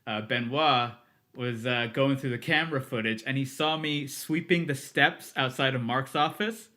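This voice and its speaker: On a podcast, a music producer in his thirties tells casual interview stories in a mid-range voice at a moderate pace. He's animated, breaks into laughter often, and acts out what people said.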